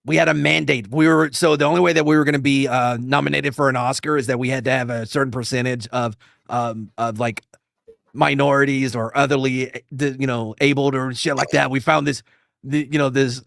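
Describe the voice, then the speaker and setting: Gravelly man, crude deadpan banter. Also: medium pitch, a little fast, no room sound, studio quality. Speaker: comedy show co-host. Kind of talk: in-character comedic banter.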